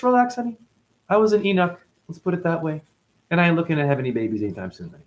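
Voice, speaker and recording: Man in his forties, rambling host, lively jumpy voice, swears constantly. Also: fast talker. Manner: profane, rambling, jumpy pitch swings. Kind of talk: rambling livestream talk.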